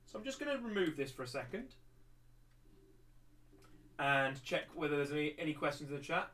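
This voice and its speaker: A man's voice: on the high side, big pitch swings, fairly quick, bright, forceful tone, recorded from a distance. A man with an English accent teaching a livestreamed maths lesson, rambling with many restarts and repeated words.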